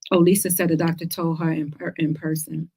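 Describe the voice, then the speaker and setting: A woman's voice: low voice, little pitch movement, a little fast, mellow, husky. Emphatic woman host. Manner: earnest, emphatic, repeats words when stressing a point. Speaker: host of a cancer talk show. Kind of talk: casual livestream talk.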